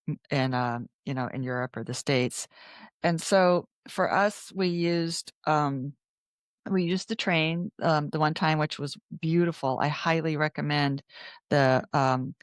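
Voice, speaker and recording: A woman talks in a loose, chatty interview way. Her voice is smooth and resonant, and the sound is dry and close. She restarts words and fills pauses as she goes. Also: low-pitched, dry recording. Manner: chatty, restarts words often, many fillers. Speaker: travel author guest. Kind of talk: casual interview chat.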